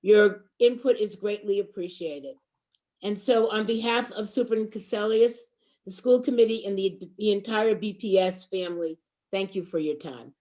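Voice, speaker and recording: Boston-accented woman, mid-range voice, steady, measured public-meeting delivery. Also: mid-range voice. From Boston, USA. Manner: measured, reads prepared closing remarks. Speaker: school committee member co-facilitating. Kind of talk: closing remarks at an online public meeting.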